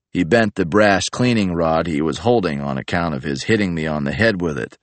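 A man narrating an audiobook in a deadpan, matter-of-fact way. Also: low-pitched, fairly quick, hardly any pauses, dry recording.

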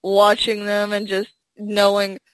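A woman's voice: mid-range voice, slow, dry recording, rough recording. A woman in casual conversation, retelling scenes with lots of fillers and acted-out quotes, talking over a phone. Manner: animated storytelling with many fillers, acting out quotes. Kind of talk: casual chat.

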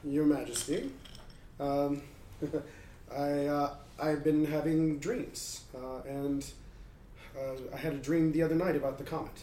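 Man, tabletop player in character, hesitant and halting, slightly high voice, roomy distant sound. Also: little pitch movement, mellow, a little hiss or hum. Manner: hesitant, halting, with many fillers. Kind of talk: in-character role-play.

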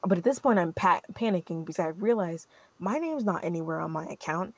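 A woman's voice: fairly low pitch, brisk, no echo. Young woman telling a story, dry sound. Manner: animated, rambling, lots of "like" fillers. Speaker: podcast host. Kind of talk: casual storytelling chat.

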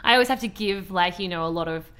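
A woman's voice: lowish voice, fast, fairly bright tone, clear, resonant tone. A young woman, co-hosting a podcast in casual chat, telling stories with enthusiasm and acting out quotes. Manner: enthusiastic storyteller, acts out quotes, laughs. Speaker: podcast co-host.

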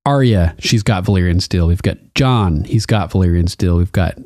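Man, casual chat, animated storyteller, laughs a lot, dead-dry sound. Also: deep voice, moderate pace, dry recording. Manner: animated retelling, acts out quotes, laughs often. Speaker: podcast co-host recapping a TV episode.

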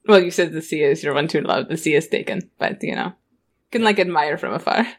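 A woman's voice: deep voice, animated, a little fast. A woman playing a tabletop game, rambling casually with lots of "like".

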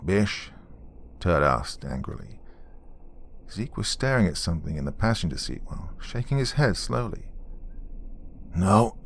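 A man, a former police officer, recounting a true story in a dry, wry, matter-of-fact way with dark humor. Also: deep voice. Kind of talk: storytelling narration.

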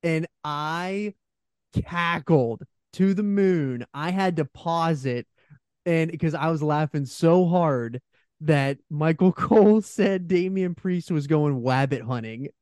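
A man's voice: fairly high pitch, slow, a little mellow, smooth, no echo, studio quality. A man co-hosting a wrestling podcast, enthusiastic and laughing often. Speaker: podcast co-host. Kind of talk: casual wrestling review chat.

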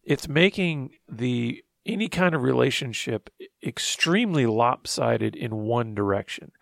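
Gravelly man reflecting thoughtfully. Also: mid-range voice, animated, unhurried, no echo, studio quality. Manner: reflective, summarizing, frequent murmured agreement. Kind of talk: conversational talk show.

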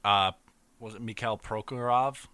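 A man's voice: fairly low pitch, fairly even intonation, a little slow, pushed and bright, clear, resonant tone, dry recording. A man hosting a casual chat in a laid-back way, with fireworks popping outside. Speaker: podcast host.

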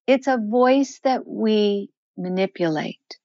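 Expressive older woman voice coach, dry dull sound. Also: mid-range voice, unhurried, dry recording. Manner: expressive, demonstrates voices while explaining. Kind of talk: podcast interview.

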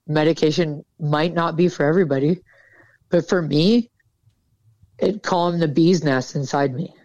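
A woman's voice: deep voice, measured pace, darkish tone, no echo. Frank, plain-spoken woman veteran. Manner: frank, casual, swears freely. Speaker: military veteran guest. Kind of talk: candid interview conversation. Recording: dull, dry sound.

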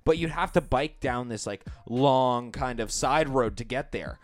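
Male podcast co-host, from Canada, mid-pitched, loose storyteller who laughs a lot. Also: measured pace, no echo. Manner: joking, laughs often, tells rambling anecdotes. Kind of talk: casual banter.

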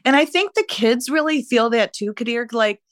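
A retired woman teacher in her sixties, reflecting warmly and emotionally in a conversational interview. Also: on the high side, lively intonation, normal speed, no echo, studio quality. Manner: warm, emotional, laughs easily. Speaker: retired teacher, podcast guest.

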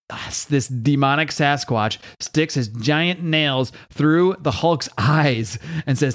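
A man reading a comic book aloud, retelling the panels with lively asides as the host. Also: medium pitch, a little fast, few pauses.

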